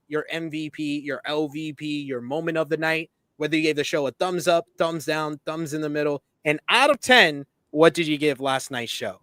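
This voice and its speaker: Male co-host, chatty storyteller, slightly higher pitch, dry close mic. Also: fairly bright tone, clear, resonant tone, no echo. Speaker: co-host of wrestling review show. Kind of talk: casual podcast chat.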